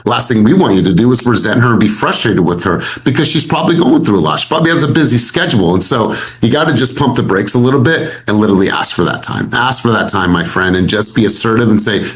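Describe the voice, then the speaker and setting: A lower-voiced man coaching a group of agents over a video call. He talks with energy and emphasis, pressing his points through repetition. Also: low-quality recording. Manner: energetic, emphatic, repeats key phrases. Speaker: sales coach.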